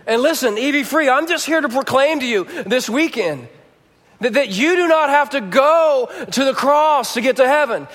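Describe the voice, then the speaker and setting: High-voiced pastor in a reverberant hall. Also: male voice, expressive, normal speed. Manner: storytelling, voice dropping quiet for somber moments. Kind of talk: sermon.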